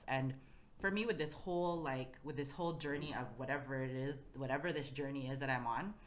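A woman's voice: low-pitched, fairly bright tone. A woman talking earnestly as a podcast guest, giving motivational advice in a casual chat and often asking "you know what I mean".

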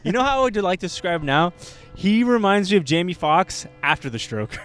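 Guy cohost laughing thru a story outside, lively voice, bit of music behind. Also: high-pitched, brisk, clear, resonant tone. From Montreal. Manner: animated storyteller, laughs often. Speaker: podcast co-host. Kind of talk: casual outdoor chat. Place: outdoors in an old port.

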